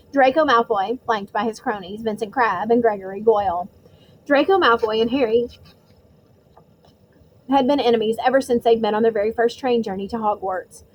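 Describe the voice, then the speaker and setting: Expressive woman reading a novel aloud. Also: fairly high pitch, lo-fi sound, slight background noise. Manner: expressive storytelling with occasional slips. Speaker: narrator.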